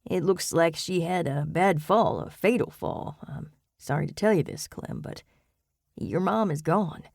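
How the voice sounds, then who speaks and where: Woman voicing a calm male officer, soothing, patient, warm low voice, dry audiobook read. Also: unhurried, gravelly, dry recording, exaggerated voice.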